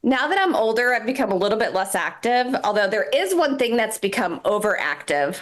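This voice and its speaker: A woman's voice: fairly high pitch, big pitch swings, a little fast. A woman in her forties doing a live stand-up set on a comedy club stage, self-deprecating, laughing at her own jokes between frequent "um"s. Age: 40s.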